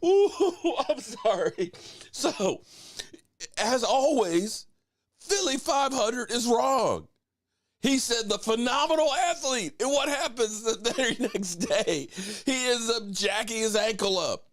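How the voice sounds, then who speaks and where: A man with a high, bouncing voice hosts a live sports talk stream. He is animated and teasing, and he calls out chat viewers by name. His voice sounds close and dry. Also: unhurried, no echo. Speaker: sports show host.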